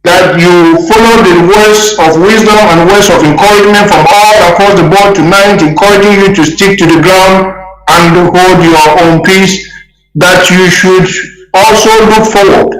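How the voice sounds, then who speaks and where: A man's voice: high voice, a bit bright, heavy reverb, poor audio. A man with a Nigerian accent hosting a call, giving rhetorical closing remarks that repeat phrases, with fillers. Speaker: host of a diaspora call.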